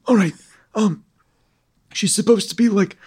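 A man's voice: high voice, unhurried, a little mellow, slightly rough. A man narrating a tabletop game as game master, joking and self-mocking.

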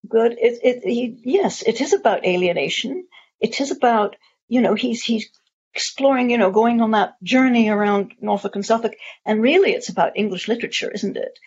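A woman's voice: on the high side, moderate pace, a little mellow, a little hiss or hum. A woman answering audience questions at a talk, discursive, with many fillers and restarts. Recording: muffled lo-fi audio.

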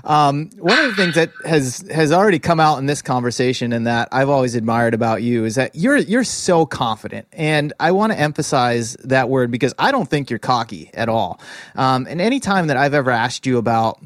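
A male interviewer asks thoughtful, measured questions. His voice sits in an ordinary middle range. The recording is dry and close, with no room sound. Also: medium pitch, lively intonation, no echo. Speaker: podcast host, interviewer.

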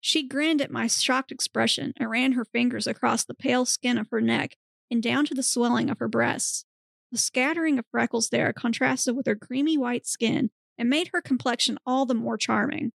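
A woman's voice: a little high, normal speed, gravelly, no room sound, studio quality. A woman podcast host narrating a story aloud in a comedic reading, straight-faced with occasional giggles. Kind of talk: comedic reading of erotic fiction.

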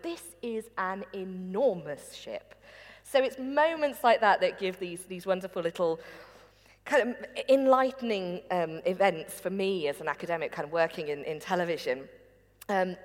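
A woman's voice: medium pitch, long reverb tail. A woman, a documentary presenter and academic, chatting casually and laughing as she tells behind-the-scenes stories. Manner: lively, laughing storyteller.

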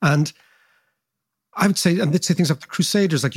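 A man's voice: a little high, fast talker, breathy edge, dry recording, clean studio sound. A man in his fifties co-hosting a podcast, telling long digressive stories in a lecturing, casual way. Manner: expansive, lecturing, digressive with asides. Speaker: podcast co-host. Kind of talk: casual chat, storytelling.

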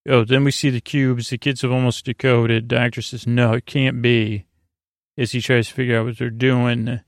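A man sleepily recounting a story, halting with fillers and restarts and quoting the characters in his own voice. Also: medium pitch, level tone, no echo, clean studio sound. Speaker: podcast host retelling an episode. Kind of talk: sleepy rambling plot recap.

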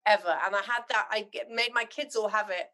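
A middle-aged woman from Zimbabwe, chatting as a podcast guest and telling animated, heartfelt stories. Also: mid-range voice, brisk. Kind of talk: casual chat.

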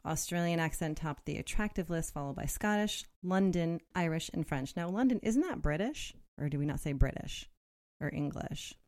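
A woman's voice: deep voice, expressive, moderate pace, a little mellow. A woman co-hosting a podcast, chatting casually, reading from an article and laughing often. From Connecticut. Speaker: podcast co-host. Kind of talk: casual chat.

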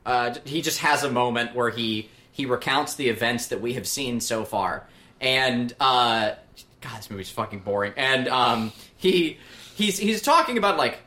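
A man's voice: medium pitch, lively intonation, unhurried, pushed and bright. A man co-hosting a podcast, talking about a movie in a dry, sarcastic way with casual swearing. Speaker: podcast co-host.

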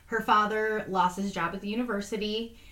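A woman's voice: medium pitch, fairly even intonation, fairly quick, a bit bright, echoey room. A woman co-hosting a podcast, chatty and swearing casually as she retells a true crime story. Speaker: podcast co-host.

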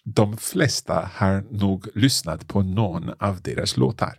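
A man hosting a casual lesson, working through phrases aloud with halting restarts and frequent laughs. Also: low-pitched, animated, husky, no echo, studio quality. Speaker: language learner host.

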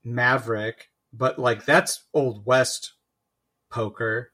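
A man's voice: mid-range voice, steady tone, takes it slowly, sharp tone. A man in his thirties, a podcast co-host, rambling in casual chat with plenty of fillers and the odd swear.

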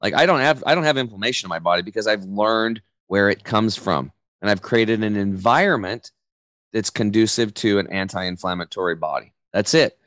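A middle-aged man, a podcast guest, talking in an energetic, casual way with slang. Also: fairly low pitch, moderate pace, no room sound. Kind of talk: podcast interview.

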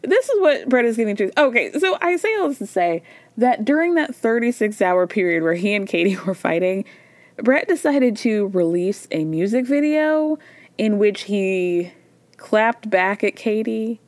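Woman podcast host, gossipy and blunt, acts out quotes; mid-pitched voice, dry close sound. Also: big pitch swings, normal speed, darkish tone, no room sound. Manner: blunt, swears casually. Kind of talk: casual solo recap podcast.

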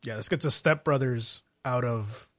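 A man's voice: medium pitch, normal speed, a bit bright, dry recording. A man co-hosting a podcast in casual chat, rowdy and full of swearing and riffs. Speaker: podcast co-host.

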